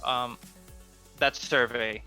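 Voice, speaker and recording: A man's voice: mid-range voice, steady tone, drawn-out words, pushed and bright, soft background music. A man running a tabletop game on a live stream, laid-back and joking. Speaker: game master.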